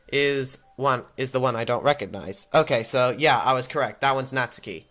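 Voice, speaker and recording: A man's voice: medium pitch, moderate pace, hardly any pauses, a bit bright, faint music behind. A man doing let's play commentary and reading game text aloud, rambling and correcting himself as he goes. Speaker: gamer.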